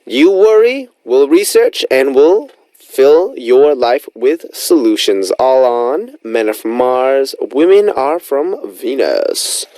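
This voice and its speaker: A man's voice: lively intonation, slow pace, mellow, no echo, low-quality recording. A man in his twenties hosting a radio music show, upbeat and enthusiastic in a studio. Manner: bouncy, enthusiastic, big pitch swings. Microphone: studio microphone.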